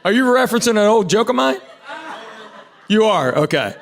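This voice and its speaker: A man's voice: high voice, sing-song, moderate pace, creaky. A middle-aged man with a Southern American accent doing a stand-up comedy set on a club stage, with a laid-back drawl and wry self-deprecating asides. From Southern United States. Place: comedy club stage before a live audience. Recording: roomy live club sound with crowd noise. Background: audience laughter.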